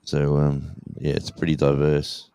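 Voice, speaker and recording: A man from Tasmania with an Australian accent, a guest in a relaxed, easygoing live-stream chat. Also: a bass voice, unhurried, gravelly, clean tone.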